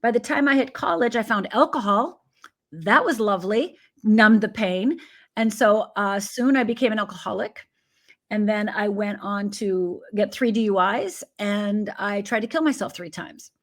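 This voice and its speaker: A woman from Upper Michigan, USA, speaks at a medium pitch and a moderate pace. She's a guest life coach recounting her personal story in an interview, a vivid storyteller who performs the voices of the people in it.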